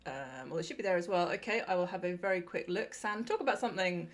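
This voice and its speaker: A woman's voice: fairly low pitch, quick pace. A young adult woman co-hosting a podcast, telling stories in a chatty way with many ums and laughs. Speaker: podcast co-host. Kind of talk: casual chat.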